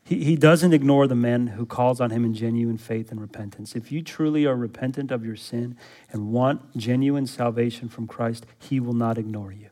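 Before a church congregation, a man preaches at a medium pitch and a moderate pace. He tosses out rhetorical questions and then builds to an urgent, loud exhortation.

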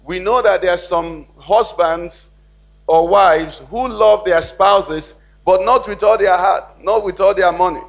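High-voiced pastor preaching. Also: male voice, a little slow, gravelly. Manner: preaching with call-and-response questions to the congregation. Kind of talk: sermon. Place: church.

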